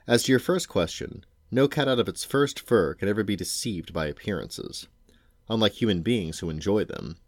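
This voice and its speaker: A man voicing an aloof, sleepy male cat in a storybook, speaking slowly and cryptically. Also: on the low side, no echo, studio quality. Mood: drowsy cryptic. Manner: slow, lazy and cryptic. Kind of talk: storybook read-aloud.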